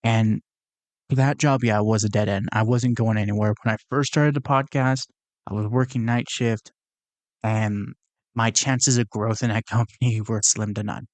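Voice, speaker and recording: A man's voice: fairly low pitch, steady tone, normal speed, dry recording. A young man hosting his own podcast, talking through his thoughts in a casual, earnest, rambling way, with frequent fillers and restarts. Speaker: podcast host. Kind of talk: casual reflective monologue.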